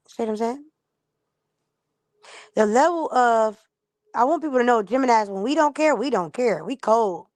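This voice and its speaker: A woman's voice: on the high side, expressive, moderate pace, pauses often, a little mellow, no echo. A woman streamer in a casual live-stream monologue, blunt and profane, acting out the people she quotes.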